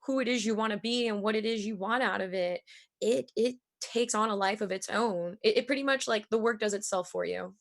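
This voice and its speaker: A woman co-hosting a casual video-call chat, speaking thoughtfully and pausing to search for words. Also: mid-range voice, gravelly. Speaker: co-host.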